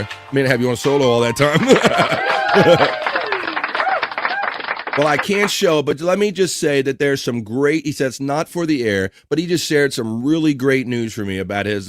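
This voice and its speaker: A man hosting a casual live stream, reading out chat messages and greetings in a lively, chuckling way. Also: mid-range voice, dry recording. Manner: lively, reads chat names aloud, chuckles often.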